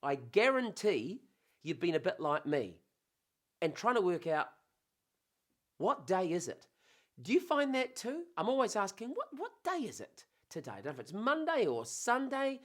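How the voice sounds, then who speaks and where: A man hosting a casual, playful monologue, rambling warmly between jokes and memories. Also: high-pitched, sing-song, moderate pace. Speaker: host.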